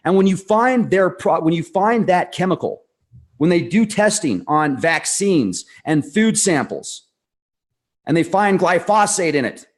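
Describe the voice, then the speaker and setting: A man co-hosting a casual talk show, excitable and sarcastic as he talks. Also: high voice, unhurried. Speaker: co-host.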